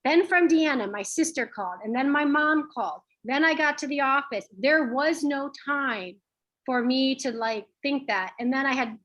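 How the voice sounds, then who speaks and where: A woman's voice: sits high, animated, normal speed, a bit bright, highs cut off. A woman guest on a video call, telling personal stories in an earnest, reflective way with some fillers. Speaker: lawyer and guest. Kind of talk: personal storytelling in an interview.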